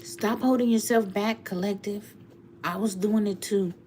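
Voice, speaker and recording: A woman's voice: mid-range voice, steady tone, measured pace, dark tone, a little hiss or hum. A woman tarot reader speaking heartfelt and emotional on a live stream to her viewers, often laughing.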